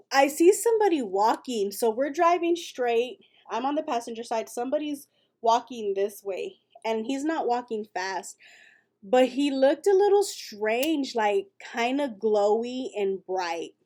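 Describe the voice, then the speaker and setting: Chatty Texan woman on a late-night livestream. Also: on the high side. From West Texas. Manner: chatty, reads viewer comments aloud, storytelling. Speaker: livestream host.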